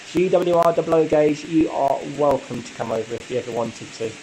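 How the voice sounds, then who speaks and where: A man hosting a casual live stream, chatting in a relaxed way and answering viewer comments with frequent light laughs. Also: fairly high pitch, moderate pace, slight background noise, poor audio. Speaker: model railway channel host.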